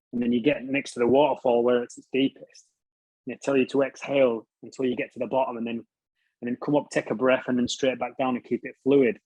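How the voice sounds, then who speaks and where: British male guest, husky, blunt, swears freely, self-mocking. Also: medium pitch, darkish tone, no room sound, poor audio. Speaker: interview guest. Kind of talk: casual storytelling.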